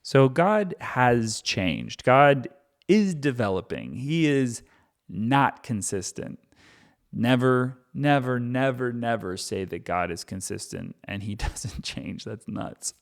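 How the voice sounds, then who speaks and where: A man's voice: medium pitch, lively intonation, slow, creaky. A man reading scripture aloud and breaking off into wry, chatty, joking commentary. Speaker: Bible reader and commentator.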